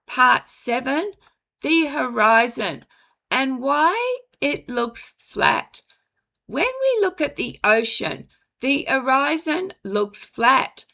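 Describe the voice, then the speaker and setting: A woman reads her commentary script in a very slow, deliberate way. Her voice sits high and bright, with a gravelly edge. It sounds dry, and she stumbles over a word now and then. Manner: measured, deliberate, apologizes for stumbling. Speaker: commentary video host.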